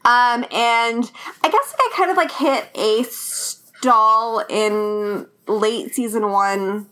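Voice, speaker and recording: Higher-voiced giggly woman chatting. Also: slow pace, fairly bright tone. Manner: giggly, rambling with many fillers. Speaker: podcast guest. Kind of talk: casual chat.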